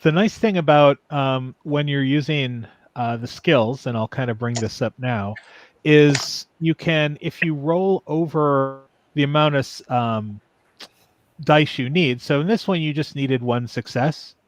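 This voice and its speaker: A man's voice: mid-range voice, unhurried, a little hiss or hum. A man running a tabletop game as game master, explaining the rules patiently with frequent ums and restarts.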